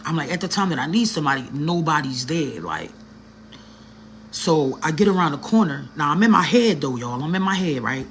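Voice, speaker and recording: A woman's voice: low voice, very animated, a little fast, a little hiss or hum. A woman telling a personal story in a casual, slangy vlog, talking straight to her viewers with an earnest, emotional edge. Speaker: vlogger.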